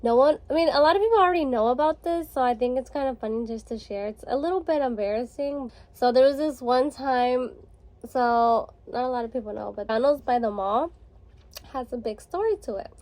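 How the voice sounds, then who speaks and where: A young adult woman vlogger tells a story while getting ready, chatty and rambling, stuffed with fillers and frequent "like." Her voice is high-pitched, a little fast, and darkish in tone, with no room sound.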